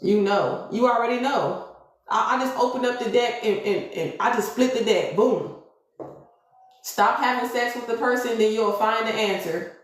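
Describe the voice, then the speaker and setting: A woman's voice: on the high side, moderate pace. A woman giving a live-streamed tarot reading, preachy and emphatic, often checking in with her listeners with "okay?". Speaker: tarot reader. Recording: very echoey room.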